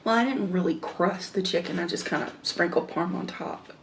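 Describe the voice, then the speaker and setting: A woman chatting casually while eating on camera, rambling slowly with many fillers. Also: fairly low pitch, a little hiss or hum. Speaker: mukbang vlogger.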